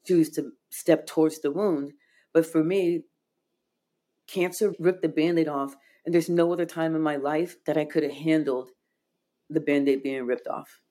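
A woman speaks as a podcast guest, earnest and heartfelt, retelling a deeply personal experience. Her voice sits low and she leans on casual fillers as she goes. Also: steady tone, unhurried, mellow. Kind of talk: emotional personal storytelling.

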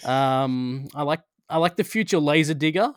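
A man's voice: a little high, moderate pace, dry recording, clean studio sound. A man co-hosting a podcast who chats casually, swears freely and reads a plot summary aloud in a rambling, self-interrupting way. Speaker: podcast co-host.

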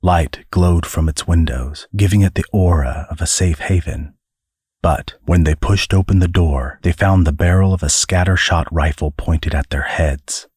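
Deep husky storyteller man. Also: moderate pace, no room sound, studio quality. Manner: expressive, dramatic reading. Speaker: podcast host and narrator. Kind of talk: scripted storytelling narration.

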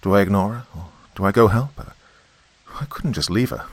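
A man reads a first-person horror story in a deep, gravelly voice. His delivery swings widely in pitch, building tension with dramatic pauses. The sound is close and dry. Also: expressive, no echo.

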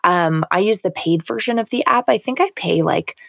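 A woman's voice: fairly low pitch, normal speed, creaky, no room sound, studio quality. A woman co-hosting a podcast from home over a call, chatting casually in a bubbly, jokey way while reading from notes. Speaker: podcast co-host.

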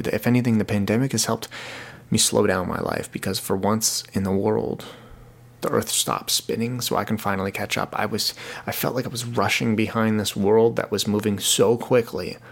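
A young man with a lowish, vocal-fry voice hosts his own podcast solo. His talk is casual, rambling and earnest, and he often repeats words as he goes.

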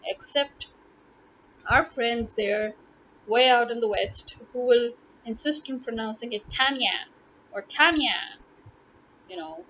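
A woman's voice: a little high, measured pace. Exasperated Pakistani woman ranting on lo-fi audio. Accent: Pakistani English. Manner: exasperated, rhetorical questioning. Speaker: vlogger. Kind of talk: casual opinion monologue. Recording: dull lo-fi audio with faint noise.

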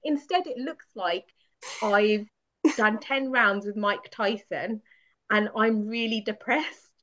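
A woman guest from the UK telling a candid story with animated, laughing self-mockery. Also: mid-range voice, slow pace. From United Kingdom. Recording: dull lo-fi sound.

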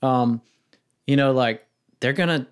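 A man talks loosely on a podcast, his voice sitting at an ordinary middle pitch. He rambles a little and jumps into brighter, livelier tones when he acts out the questions he asks people. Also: unhurried, clear, resonant tone. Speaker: wedding filmmaker guest. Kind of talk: casual podcast interview.

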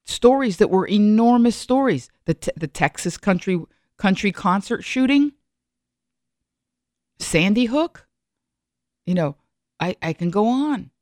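A woman's voice: medium pitch, animated, a little slow, pauses often, darkish tone, no room sound, clean studio sound. A middle-aged woman giving a reflective solo monologue, rambling with frequent restarts and asides.

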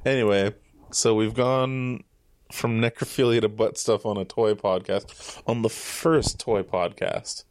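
Male co-host, lowish voice, deadpan humor, slight background hiss. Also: a little slow. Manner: deadpan jokes, giggly. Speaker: podcast co-host. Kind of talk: casual comedic chat.

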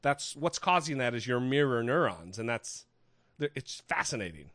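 Man co-host, mid pitch, dry close sound, rambling casual chat. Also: big pitch swings, moderate pace, a bit bright, no echo. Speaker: podcast co-host.

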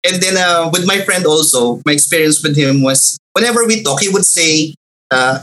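Filipino guy explaining speech stuff, calm and lecture-like, lots of examples. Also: sits high, normal speed, rough recording. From Philippines. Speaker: linguistics guest. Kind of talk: explanatory discussion.

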